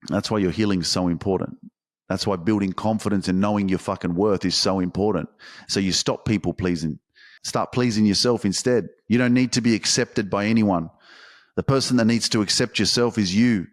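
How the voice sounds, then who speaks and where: A man's voice: fairly low pitch, brisk. A man hosting a podcast, talking in an intense, emphatic motivational monologue full of swearing. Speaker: podcast host.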